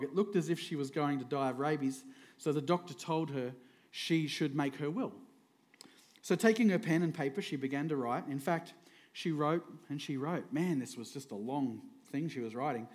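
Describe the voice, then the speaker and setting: A middle-aged pastor giving a light, conversational sermon. His voice sits a bit higher than most men's, and he keeps the mood jokey, chuckling between points. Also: brisk. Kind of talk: humorous sermon.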